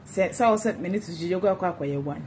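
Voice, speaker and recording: A woman's voice: fairly low pitch, quick pace, darkish tone, a little hiss or hum. A Ghanaian woman ranting in a gossip vlog, repeating insults and taunts in a mocking tone. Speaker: social media commentator.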